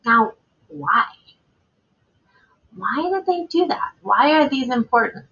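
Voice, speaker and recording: A woman teacher giving a reading lesson for children, reading a picture book aloud with expression and pausing to ask questions. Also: on the high side, big pitch swings, bright, forceful tone, slightly rough, dull audio.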